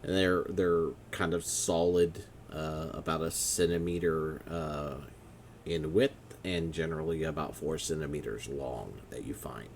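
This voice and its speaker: A man narrating as game master of a tabletop game, halting and full of fillers as he describes things. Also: very deep voice, fairly even intonation, gravelly, slight background noise. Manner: halting, many fillers and restarts.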